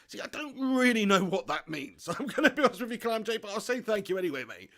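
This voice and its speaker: This young watch-along host sits high in pitch and talks fast. He's excitable, reading viewer comments from the live football stream aloud, laughing often and swearing casually.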